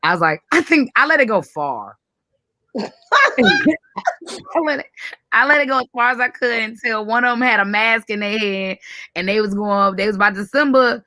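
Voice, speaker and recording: A woman's voice: on the high side, normal speed, long pauses, dry recording. A woman in her forties hosting a casual chat, telling a family story with lots of laughter and acted-out quotes. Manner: animated, acts out quoted voices, laughs often. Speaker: host.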